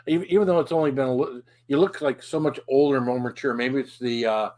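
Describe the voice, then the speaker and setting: A man co-hosting a relaxed live chat, his voice sitting at an ordinary middle pitch. He jokes around and rambles, often restarting his sentences. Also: fast talker. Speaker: livestream co-host.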